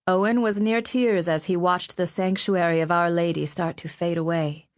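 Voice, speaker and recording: A woman reading an audiobook with measured, even storytelling narration. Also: fairly low pitch. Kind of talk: scripted narration.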